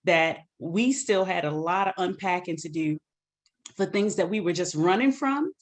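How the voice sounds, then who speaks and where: Earnest low-voiced woman author. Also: animated, normal speed. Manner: earnest, sometimes quoting scripture. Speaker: guest author. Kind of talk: emotional personal testimony.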